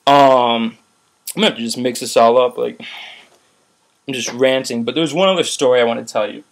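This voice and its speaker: Gravelly and mid-range, a young man talks fairly quickly in a heated video commentary to camera. The vlogger rambles profanely about a protest, peppering his speech with "like."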